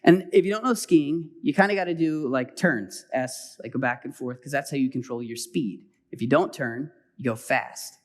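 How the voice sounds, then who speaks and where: Preaching in a mid-range voice, this middle-aged pastor recounts a personal story. His animated sermon shifts from loud exhortations to hushed, rushed asides.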